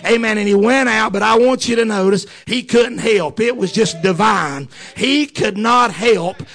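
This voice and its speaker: High-voiced fervent preacher man. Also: unhurried, creaky. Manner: punctuates phrases with amen; repeats lines and climbs into fervent shouting. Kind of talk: sermon storytelling.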